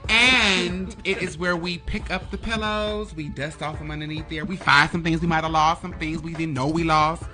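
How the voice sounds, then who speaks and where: A man co-hosting a casual talk show, playful and animated, laughing often as he talks. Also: fairly high pitch, normal speed, few pauses, soft background music. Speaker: podcast co-host. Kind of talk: casual chat.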